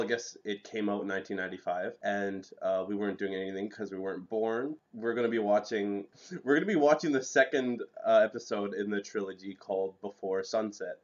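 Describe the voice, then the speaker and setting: A young man hosting a casual podcast chat, relaxed and rambling, with lots of fillers. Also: lowish voice, highs cut off. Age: young adult. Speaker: podcast host.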